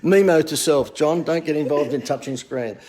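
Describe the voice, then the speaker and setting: A man's voice: on the high side, normal speed, a little mellow. Man, casual live-stream talk, self-mocking banter, roomy echo, phone audio. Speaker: marketing coach. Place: outdoors near a harbour. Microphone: phone camera.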